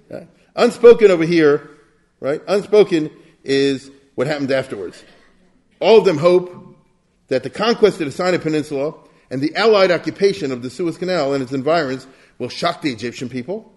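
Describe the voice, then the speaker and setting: Man giving a lively storytelling history lecture. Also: on the high side. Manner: storytelling, acts out quotes, asks the listeners "you get it?"; sprinkles Yiddish and Hebrew terms.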